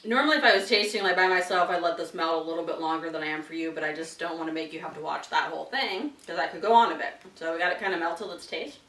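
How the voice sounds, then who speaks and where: A woman's voice: lowish voice, quick pace, hardly any pauses, fairly bright tone. Chatty woman host in a roomy space. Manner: chatty, talks while chewing, frequent laughs. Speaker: wine and chocolate tasting host. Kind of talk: casual tasting vlog. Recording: roomy sound from some distance.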